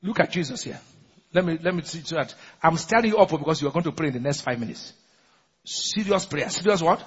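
A pastor preaching a sermon asks the congregation questions and laughs often, his voice on the high side, animated, fast, and husky. The recording is muffled and echoes through a large church hall.

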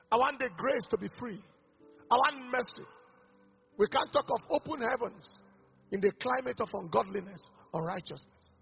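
A man's voice: very high-pitched, vocal fry, sharp tone, husky, big-room sound, muffled recording. A man, a pastor leading an altar-call prayer with fervent, repeated declarations.

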